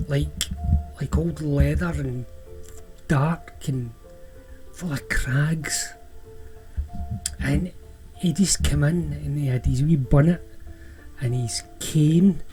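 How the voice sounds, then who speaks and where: A man with a Scottish accent telling a personal story in a relaxed, chatty way, often restarting and drawing out words. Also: a little high, poor audio. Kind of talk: casual spoken storytelling.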